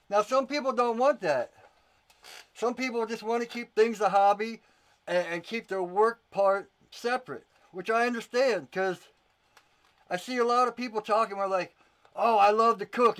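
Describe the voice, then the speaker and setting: A man's voice: sits high, a bit bright. A man, a YouTuber and knife maker, chatting casually on a livestream, rambling with repeated words and answering viewer comments.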